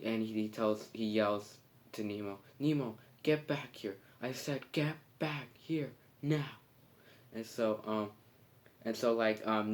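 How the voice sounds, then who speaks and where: Halting low-voiced man retelling a movie. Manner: halting, full of fillers and restarts. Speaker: movie reviewer. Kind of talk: casual plot retelling.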